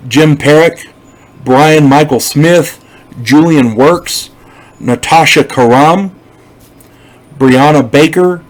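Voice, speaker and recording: Older man, mid-pitched voice, blunt TV reviewer, rambling delivery, repeated words and restarts. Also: low-quality recording. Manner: emphatic, blunt. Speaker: TV series reviewer. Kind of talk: casual opinionated review monologue.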